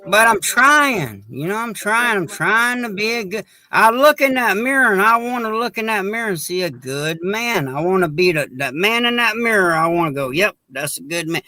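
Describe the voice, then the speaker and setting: A man's voice: sits high, lively intonation, moderate pace, hardly any pauses, sharp tone, dry recording. A man, chatting on a podcast in a folksy, earnest storytelling way. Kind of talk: casual chat.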